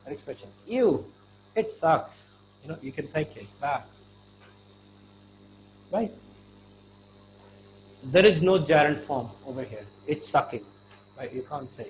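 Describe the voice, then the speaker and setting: A man's voice: a little high, darkish tone, slight background noise, low-quality recording. Chatty Indian-accented male English teacher. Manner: chatty, many fillers, acts out little dialogues. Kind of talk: informal English lesson.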